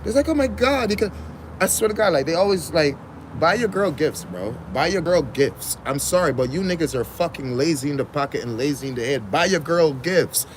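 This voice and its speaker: A man's voice: fairly high pitch, animated, fairly quick, slight background noise, rough recording. A man on a casual livestream, talking slangy and profane, laughing often and hammering home repeated phrases. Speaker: livestream host.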